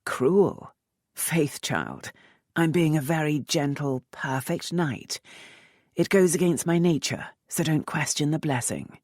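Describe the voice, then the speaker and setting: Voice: medium pitch, expressive, takes it slowly, a little mellow, no room sound, clean studio sound. A narrator voicing a commanding, sardonic aristocratic rake who speaks in a lightly mocking drawl.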